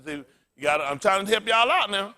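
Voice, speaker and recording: A pastor preaches a sermon in a loud call-and-response style, blunt and profane, pulling answers from the congregation and laughing often. His voice sits high, with lively intonation and a slightly fast pace.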